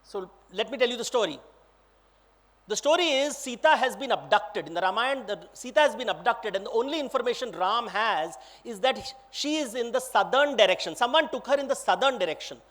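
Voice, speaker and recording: A man's voice: extremely high pitch, brisk. A man with an Indian accent, a guest speaker telling a myth to a big audience. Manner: lively, dramatic storytelling. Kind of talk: storytelling talk. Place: large auditorium.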